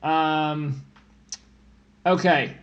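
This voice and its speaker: A man's voice: on the high side, fairly even intonation, very slow, muffled recording. A man hosting a tutoring livestream, chatting casually and teasing viewers in a playful way. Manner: playful, teasing, jumps into silly voices. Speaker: tutor and stream host. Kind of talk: casual joking livestream banter. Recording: echoey room.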